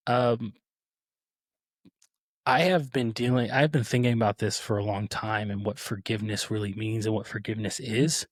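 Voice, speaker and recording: A man's voice: fairly low pitch, steady tone, moderate pace, no echo, studio quality. A man in his thirties, a podcast host telling a personal story in an earnest, reflective way with many restarts. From Texas. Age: 30s.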